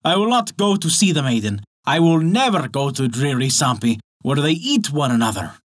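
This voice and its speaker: A man's voice: a little high, big pitch swings, moderate pace. A man voicing a hot-tempered young male blacksmith hero in a folktale, speaking sharply and indignantly.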